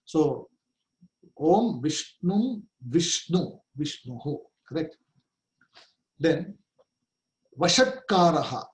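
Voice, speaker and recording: A man's voice: fairly high pitch, brisk, a little mellow, low-quality recording. A middle-aged man teaching a scripture class, explaining with rhetorical questions, light laughs and chanted Sanskrit terms. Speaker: Vedanta teacher.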